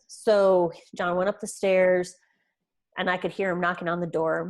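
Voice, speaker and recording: Earnest woman guest, slightly low voice. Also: flat delivery, normal speed. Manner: earnest, retells events with quoted dialogue. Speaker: podcast guest. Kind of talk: personal storytelling in an interview.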